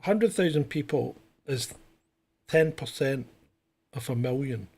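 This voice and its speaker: A man's voice: medium pitch, animated, slow, gravelly, a little mellow, slightly rough. A man co-hosting a comedic news chat, ranting and questioning. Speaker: co-host.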